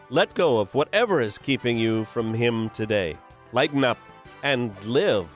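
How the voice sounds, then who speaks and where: A man, a comedian and motivational speaker, telling a humorous devotional story and leaping up in pitch when he shouts a character's lines. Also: lively intonation, measured pace, faint music behind.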